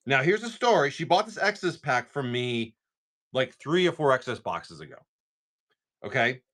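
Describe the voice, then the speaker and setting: A man running a live card sale, talking in a rambling, chatty way and often restarting. His pitch is animated, and his voice is bright and forceful. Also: normal speed. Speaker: live card-break seller. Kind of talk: casual live-stream chat.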